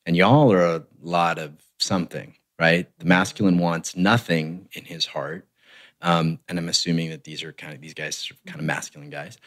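A man, a relationship coach, explaining in a measured way on a podcast and often checking in with "right?". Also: sits low, fairly bright tone. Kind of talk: conversational podcast interview.

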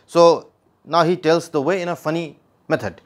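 A man's voice: on the high side, steady tone, moderate pace. A man teaching a literature lesson, explaining a play line by line and paraphrasing each quoted line in simpler words, with restarts.

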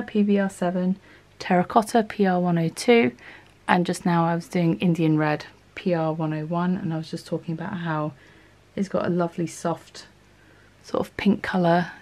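A woman's voice: lowish voice, fairly even intonation, normal speed, darkish tone. A woman hosting an art channel, chatting casually and thinking aloud as she swatches paints, sometimes correcting herself mid-sentence.

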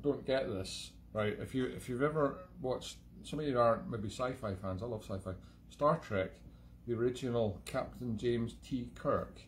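A man's voice: medium pitch, slight background noise. A Scottish man hosting a live-streamed music show from home, chatting in a rambling, digressive way with self-mocking humour. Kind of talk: rambling casual monologue.

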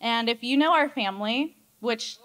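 A woman's voice: a little high, measured pace, fairly bright tone. A young adult woman giving a maid of honor toast at a wedding reception, chatty and emotional, often laughing.

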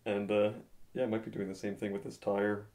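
Lowish voice guy on a movie podcast, picks apart the film, does the lines sometimes. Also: level tone, brisk, a little mellow. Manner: analytical, acts out quoted lines. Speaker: podcast co-host. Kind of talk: casual film discussion.

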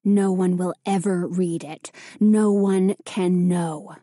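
A woman voicing a quiet, menacing ghost boy. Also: steady tone, slow pace, dry recording, studio quality. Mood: insistent. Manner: soft, low and insistent.

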